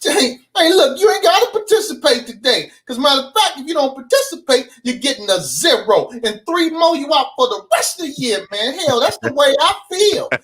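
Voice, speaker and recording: Stern, drawling judge-like gym teacher scolding a class, as a comedian does the impression, pitched well above his own voice. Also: big pitch swings, moderate pace, hardly any pauses, a bit bright, heavily acted.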